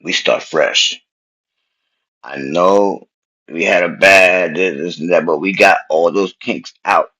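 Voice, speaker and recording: A man casually telling a personal story in street slang, animated and repeating himself as he goes. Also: low-pitched, slow pace, husky, low-quality recording.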